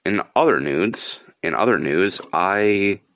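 A teenage boy from upstate New York hosts his own podcast and rants about the news. His voice sits very low for his age. He talks in a loose, rambling way, swears often and gets angrier as he goes. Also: animated, slow pace, fairly bright tone. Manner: angry, profane, rambling rant. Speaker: podcast host. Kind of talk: solo podcast rant.

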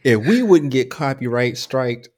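A man co-hosts a podcast in a casual chat, reacting with playful scolding. His middle-pitched voice swoops widely and sounds lively. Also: unhurried. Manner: animated, playful scolding, laughs often. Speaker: podcast co-host.

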